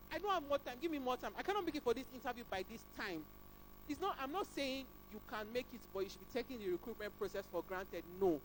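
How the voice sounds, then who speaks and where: A woman, an HR specialist, giving a lively career talk at a job fair and acting out little dialogues with sudden jumps in her voice. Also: slight background noise, low-quality recording. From Nigeria. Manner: animated, acts out dialogues with emphatic pitch jumps. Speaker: HR specialist speaker.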